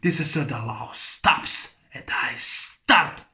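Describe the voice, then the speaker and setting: Man doing a grim, laconic action-movie cop: low, slow, menacing. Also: sharp tone. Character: grim, laconic tough-guy cop, adult male.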